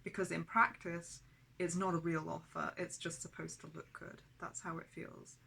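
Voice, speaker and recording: A woman's voice: low-pitched, level tone, normal speed, gravelly, pushed and bright, slightly rough. A woman in an emotional personal vlog who talks angrily, swears heavily and speaks of herself as "we". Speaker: vlogger.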